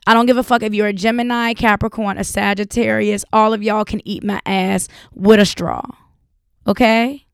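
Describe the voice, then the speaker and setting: A woman's voice: medium pitch, fairly even intonation, normal speed, vocal fry, clear, resonant tone, dry recording, clean studio sound. A young woman hosting a solo podcast, talking bluntly with lots of profanity and frequent laughter. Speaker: podcast host.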